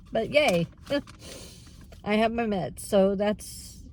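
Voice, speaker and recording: A woman talking openly to her viewers in a casual vlog, with many fillers and frequent throat clearing. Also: on the high side, darkish tone, slight background noise. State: tearful at times. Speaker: vlogger. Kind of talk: casual vlog chat while running errands.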